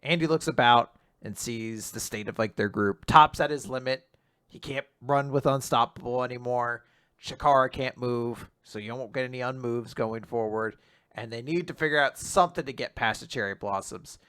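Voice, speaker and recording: A man's voice: medium pitch, normal speed, clear, resonant tone, no echo, studio quality. A man co-hosting a casual podcast, recapping manga chapters and acting out lines from them. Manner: animated, swearing, acts out dialogue in voices.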